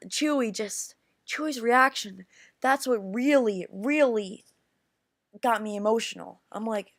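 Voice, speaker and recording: A woman giving a casual film review, rambling and excitable, with frequent restarts, calling her viewers "guys". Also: mid-range voice, dry recording, studio quality. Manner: rambling, halting with many restarts.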